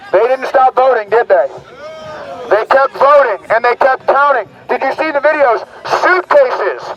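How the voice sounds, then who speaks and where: Strained, high-pitched man haranguing an outdoor crowd through a megaphone; mocking, rowdy delivery, dull recording. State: voice strained, nearly gone. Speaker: rally speaker. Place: outdoors at a street rally.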